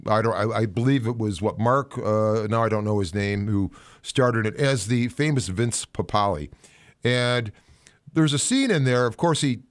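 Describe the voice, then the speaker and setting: A man hosting a casual livestream rant about football, telling a story in a rambling way with many restarts and fillers, in a small sound-softened studio. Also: mid-range voice, dry recording. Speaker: host.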